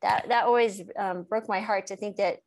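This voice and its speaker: A woman doctor hosting an interview, telling stories about patients in an animated way and laughing easily. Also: medium pitch, normal speed. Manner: animated storyteller, laughs often. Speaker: host and doctor. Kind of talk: conversational interview.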